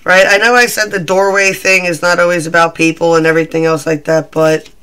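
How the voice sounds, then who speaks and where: Brief: a bright-voiced man doing a rambling, chatty tarot reading. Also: fairly high pitch, flat delivery, a little fast, a little hiss or hum. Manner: chatty, rambling, self-deprecating. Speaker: tarot reader.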